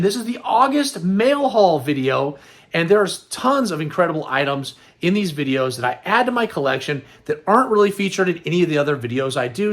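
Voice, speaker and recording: Upbeat high-voiced man hosting a vlog. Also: fairly bright tone. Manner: upbeat, rambling and conversational. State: tired, slightly worn voice. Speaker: host. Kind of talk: casual vlog chat.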